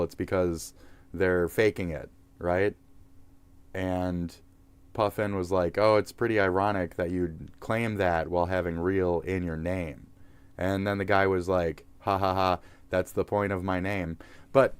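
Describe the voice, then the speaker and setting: Low-voiced man ranting on a livestream. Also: dry recording. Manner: profane, mocking, rambling. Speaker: live streamer. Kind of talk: livestream rant.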